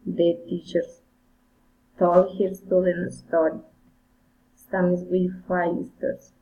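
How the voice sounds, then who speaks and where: Slow, gravelly woman reading drills. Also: on the low side, monotone. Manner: careful, halting word-by-word reading with repeats. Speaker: English learner. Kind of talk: reading pronunciation drills aloud. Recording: tinny phone-like recording.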